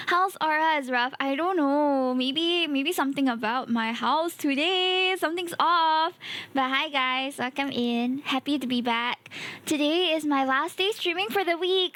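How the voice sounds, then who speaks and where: A woman's voice: high voice, a little slow, fairly bright tone, no room sound. A young woman with a Singaporean English accent, chatting casually on her live stream as a VTuber, exclaiming often and laughing easily, a bit tired today.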